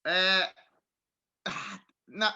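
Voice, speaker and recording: A man's voice: high-pitched, drawn-out words, sharp tone, lo-fi sound. A man with a British accent co-hosting a podcast, jokey and chuckling in casual chat. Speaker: podcast co-host.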